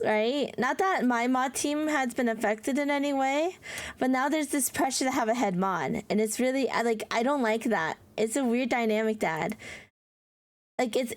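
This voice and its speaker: A woman with a slightly high voice streams and chats casually with her viewers. She is playful and giggly, answering chat as she goes. She slips into mock-whiny, dramatic teasing.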